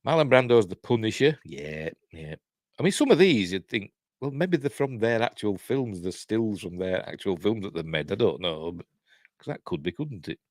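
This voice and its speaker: A man's voice: fairly low pitch, animated, normal speed, no room sound, clean studio sound. An older man with a Yorkshire accent hosting a live stream, musing aloud casually with wry asides that trail off. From Yorkshire, England. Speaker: host of a live news stream. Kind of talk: casual chat.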